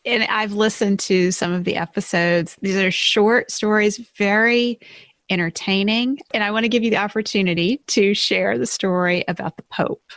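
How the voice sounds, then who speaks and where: A woman's voice: medium pitch, fairly even intonation, moderate pace, fairly bright tone, no echo. A woman hosting a business podcast, interviewing a guest and reading a scripted closing call to action. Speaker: podcast host. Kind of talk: interview and show outro.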